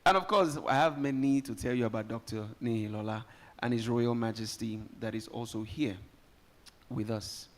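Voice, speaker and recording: Nigerian man emceeing a lively summit. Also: medium pitch, moderate pace. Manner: lively, joking, rallies the audience. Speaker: event host. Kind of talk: live event emceeing. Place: conference hall, live audience.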